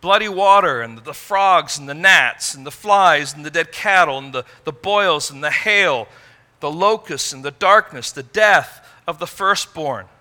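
A man preaching a sermon in an earnest way, rising to emphatic peaks and dropping low and quiet. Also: animated, unhurried. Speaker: pastor.

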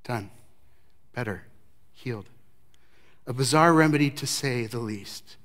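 Speaking unhurriedly, a middle-aged pastor delivers a sermon, his storytelling shifting from lively emphasis to quiet, low stretches.

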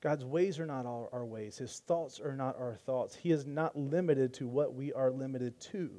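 A man's voice: medium pitch, normal speed, mellow. A man preaching a sermon in an earnest, conversational way, often restarting his sentences. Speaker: pastor.

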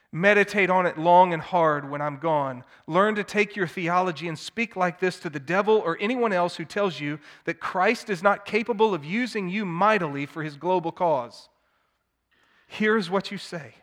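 A man preaching a sermon, swinging from hushed tones to loud, emphatic declamation. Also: high voice, moderate pace. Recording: long hall reverb.

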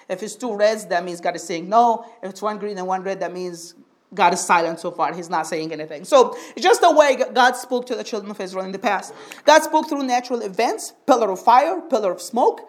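A woman preaching a sermon in a teaching tone, often asking her listeners for an amen and slowing down on key phrases. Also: medium pitch. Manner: draws out key phrases slowly for emphasis.

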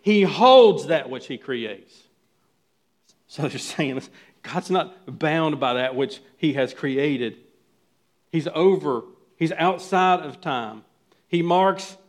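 A man with a fairly high voice preaching to his congregation. He drops to near-hushed lines, then climbs into loud, urgent questions. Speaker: pastor. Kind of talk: sermon.

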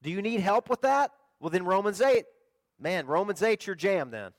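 A middle-aged man preaching a sermon in a folksy, conversational way, swinging between loud emphasis and quiet storytelling. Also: high voice, animated, moderate pace, no echo. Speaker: pastor.

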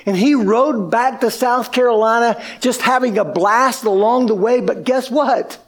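A man preaching to his church, telling a long story with energy. His voice sits high, and he drops into the voices of the people he describes. The delivery keeps shifting in speed and loudness as he builds the story. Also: measured pace. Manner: animated, acts out quoted speech. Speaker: pastor. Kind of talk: sermon storytelling.

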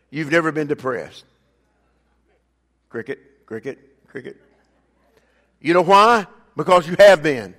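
Older guy pastor preaching, goes quiet then loud, lots of hall echo. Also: high voice. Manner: preaching with call-and-response, swinging between loud emphatic bursts and quiet asides. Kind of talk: sermon. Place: church sanctuary. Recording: long reverb of a church hall.

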